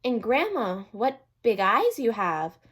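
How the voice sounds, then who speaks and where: A woman's voice: a little high, big pitch swings, slow pace, heavily acted. A woman voicing a young girl in a red hood in a storybook read-aloud, light and polite. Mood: innocent.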